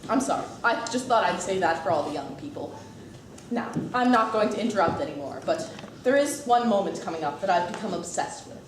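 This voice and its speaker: A woman's voice: on the low side, lively intonation, fairly quick, noisy background, close to an everyday voice. A woman playing a chatty, wistful narrator who confides in the audience during a stage musical. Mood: confiding. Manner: confiding, rambling asides to the audience. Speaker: stage actor. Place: theater stage. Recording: echoey stage from far off.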